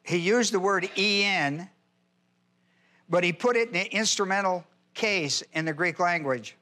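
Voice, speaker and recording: A man's voice: sits high, measured pace, sharp tone. A male pastor teaching a Bible class verse by verse, emphatic, repeating key phrases and quizzing his listeners.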